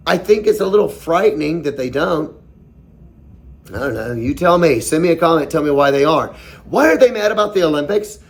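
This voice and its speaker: Impassioned high-pitched gravelly man host. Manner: impassioned, rhetorical questions, mocking put-on quotes. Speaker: podcast host. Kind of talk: opinionated commentary monologue.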